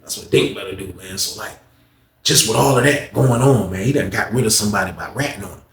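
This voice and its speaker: A man's voice: fairly low pitch, quick pace, fairly bright tone, echoey room. A man casually telling a story in a loose, slangy way, circling back and repeating himself. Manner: slangy, repetitive, acts out others' lines in a raised voice.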